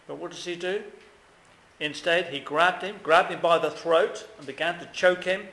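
A man's voice: fairly high pitch, normal speed, pushed and bright, reverberant, slight background noise, poor audio. A man preaching a sermon, earnest and emphatic, often asking questions of his listeners.

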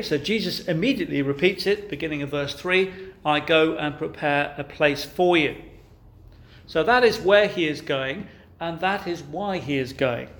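A man's voice: a little high, fairly bright tone. A man preaching a sermon, asking rhetorical questions and pressing his points with emphasis.

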